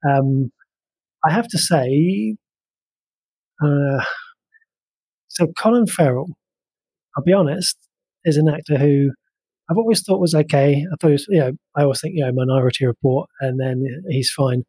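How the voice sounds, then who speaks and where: Husky-voiced man chatting about films. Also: fairly high pitch, normal speed, pauses often, dark tone, no room sound. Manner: chatty and enthusiastic, with frequent fillers and restarts. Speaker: film podcast co-host. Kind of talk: casual film review chat.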